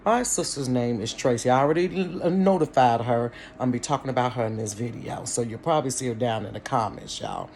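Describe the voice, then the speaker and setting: A man from Cincinnati hosting a casual storytime vlog from his bedroom, chatty and animated, talking straight to his viewers and laughing easily. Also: medium pitch, slight background noise. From Cincinnati, Ohio. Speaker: storytime channel host. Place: bedroom at home.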